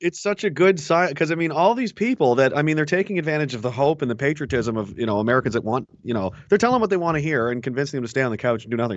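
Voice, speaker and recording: A man's voice: medium pitch, animated, very fast, hardly any pauses, no echo, highs cut off. A man co-hosting a casual political chat show, sarcastic and swearing freely with frequent laughs.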